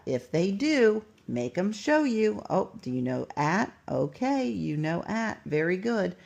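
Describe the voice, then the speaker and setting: A woman teacher patiently walking through a writing lesson step by step, sounding words out slowly. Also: on the low side, sing-song, vocal fry, a little hiss or hum. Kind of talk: instructional walkthrough.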